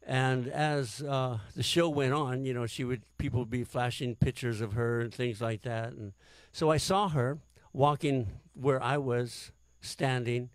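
A man's voice: medium pitch, fairly even intonation, a little slow, hardly any pauses, no echo. A man, a singer-songwriter, telling a story between songs in a rambling, hesitant way with many fillers.

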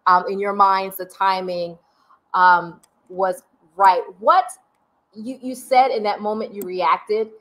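A woman's voice: medium pitch, steady tone, slow pace, fairly bright tone. Host: woman with a mid-range voice, long rambling questions. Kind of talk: interview.

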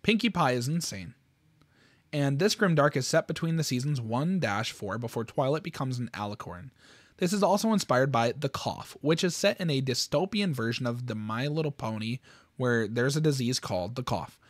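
Man with a lively, bouncy pitch who swears freely, dry close sound; casual channel host reacting to stories. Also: brisk, no room sound. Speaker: YouTube host.

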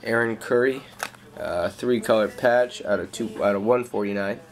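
A young man calmly listing off his trading cards in a casual showcase, with slang and frequent fillers. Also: fairly low pitch, normal speed, crowd noise. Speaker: card collector.

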